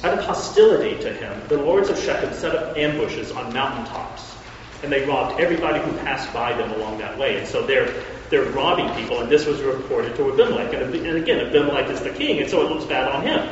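A man's voice: medium pitch, lively intonation, fast, a little hiss or hum. A man preaching a sermon, retelling a story in a conversational way with joking asides. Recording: echoey hall, far from mic, dull.

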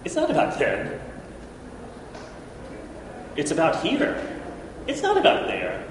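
A man preaching a lively Bible lesson, who jokes with the room and calls out listeners by name. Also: fairly high pitch, slow pace, vocal fry. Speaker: preacher teaching a Bible class. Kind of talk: lively sermon. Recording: echoey hall from far off, faint noise.

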